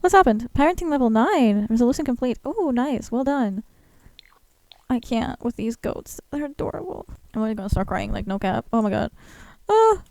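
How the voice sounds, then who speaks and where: Gushing young woman with vocal fry. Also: a little high, moderate pace, no room sound. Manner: gushing, excitable, chatty. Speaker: gaming channel host. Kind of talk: let's-play commentary.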